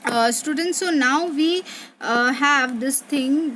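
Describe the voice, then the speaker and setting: A woman's voice: sits high, slow, sharp tone, slight background noise. A woman teaching a revision lesson, explaining step by step with many fillers and repeated words.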